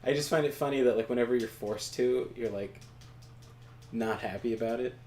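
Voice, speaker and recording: A man's voice: medium pitch, fairly quick, darkish tone. A man watching a video game being played, joking and rambling in casual chat and laughing often. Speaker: co-host watching and commenting. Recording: roomy sound with faint hum.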